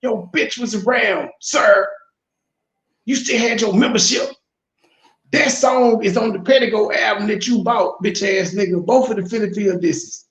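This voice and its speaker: A man's voice: high voice, measured pace, a bit bright, reverberant. A man hosting reaction commentary, profane and mocking as he rants. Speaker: commentary host.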